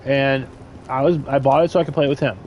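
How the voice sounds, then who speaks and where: A man's voice: mid-range voice, fairly even intonation, fast talker, highs cut off, slight background noise. A young man telling a crude, rambling story in casual chat, trailing off with fillers. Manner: rambling, crude, loud laughing bursts.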